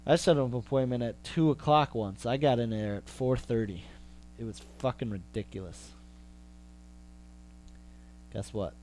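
A man's voice: mid-range voice, normal speed, long pauses, darkish tone, slight background noise. A young adult man hosting a podcast, delivering a profane, exasperated comedic rant full of repetition. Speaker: podcast host. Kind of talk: comedic ranting monologue.

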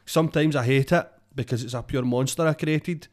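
A young man with a Scottish accent talks loosely on a podcast, circling back and checking in with his listener. His voice sits at an ordinary middle pitch. The chat is sweary and unpolished. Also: a little fast. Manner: sweary, rambling, says "know what I mean" a lot. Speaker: comedian guest.

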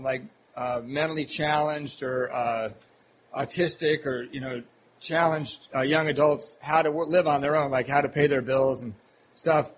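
Man speaker at a recovery meeting, slightly higher voice, candid and self-mocking, halting delivery, faint background noise. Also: rough recording. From Seattle, Washington, USA. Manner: candid, self-deprecating, halting with fillers and restarts. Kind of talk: personal recovery story told to a live audience.

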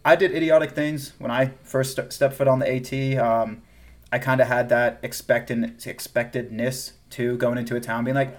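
Southern American man, chatty and animated. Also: medium pitch, moderate pace. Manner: animated, laughs often, trails off and restarts. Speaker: podcast co-host. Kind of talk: casual chat.

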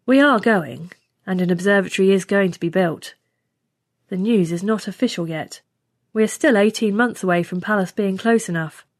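A woman's voice: fairly low pitch, dry recording. Woman narrating a story, dry sound. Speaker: story reader. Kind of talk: scripted narration.

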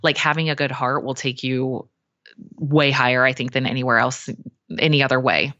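A woman, a coach and guest, telling a story in a chatty, animated way with many fillers. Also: rumbling low, normal speed, no room sound, muffled recording. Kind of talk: casual storytelling.

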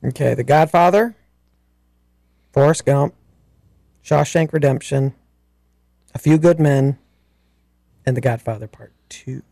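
A man's voice: medium pitch, measured pace, gravelly, long pauses, dark tone, no echo. Earnest rambling man in a chat. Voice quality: earnest, meandering storytelling. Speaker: panel guest. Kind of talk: casual group chat.

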